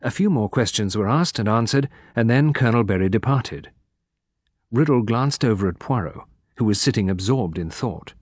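A man's voice: fairly low pitch, breathy edge, no room sound. Man narrating a mystery in a dry, close voice. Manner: measured, even storytelling. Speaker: audiobook narrator. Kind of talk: scripted narration.

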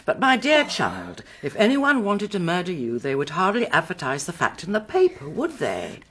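A brisk lady of the house. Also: lowish voice, wildly swooping pitch, a bit bright, slightly rough, exaggerated voice. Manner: brisk, reassuring, bossy. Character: brisk capable middle-aged lady of the house. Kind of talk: radio drama acting.

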